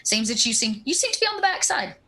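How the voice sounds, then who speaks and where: A woman running a tabletop role-playing game as game master, narrating scenes in a relaxed way with frequent fillers. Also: on the high side, quick pace.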